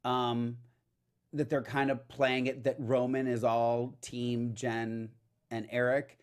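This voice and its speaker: A man's voice: medium pitch, level tone, takes it slowly, clean tone. A man co-hosting a soap opera recap podcast in casual chat, with sassy, dismissive asides. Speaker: podcast co-host.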